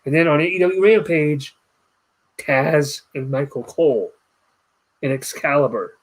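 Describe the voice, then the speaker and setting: A man's voice: a little high, a little slow. A young adult man hosting a casual podcast chat, telling stories and mimicking voices. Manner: storytelling, animated mimicking voices. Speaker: podcast host.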